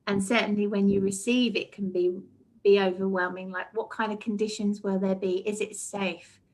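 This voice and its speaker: A woman's voice: medium pitch, level tone, normal speed, a little mellow. A woman guest in a heartfelt casual chat, speaking earnestly and reflectively with frequent restarts.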